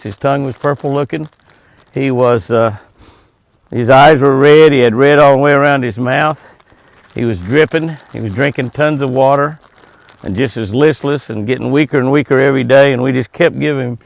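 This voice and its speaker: A man's voice: mid-range voice, gravelly. A man hosting a ranch show outdoors, chatting in a folksy way and coaxing animals with a lifted, sing-song call. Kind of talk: casual outdoor show narration.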